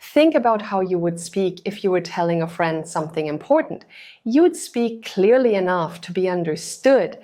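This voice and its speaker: A woman's voice: on the low side, animated, normal speed, mellow. Woman narrating a TOEFL lesson. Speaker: TOEFL tutor.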